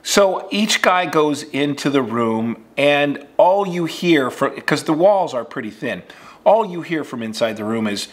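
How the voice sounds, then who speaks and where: A man who is an acting coach, telling an audition story in a relaxed, conversational way with plenty of fillers. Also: medium pitch, slow pace. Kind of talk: casual instructional storytelling.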